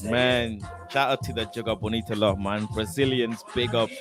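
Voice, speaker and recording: A man hosting a football fan livestream, excitedly chatting, at times shouting and singing along. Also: fairly low pitch, normal speed. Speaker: football channel host. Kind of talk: livestream chat. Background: music playing.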